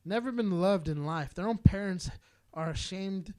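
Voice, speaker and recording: A man's voice: high-pitched, normal speed, dark tone. A man from Southern California co-hosting a podcast, ranting in a heated, rambling, profane way. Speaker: podcast co-host. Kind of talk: casual podcast rant.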